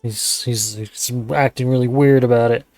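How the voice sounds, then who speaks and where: Lady doing a blunt cop, super deep voice, flat and deadpan. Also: normal speed, dry recording, soft background music. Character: blunt, scruffy police detective.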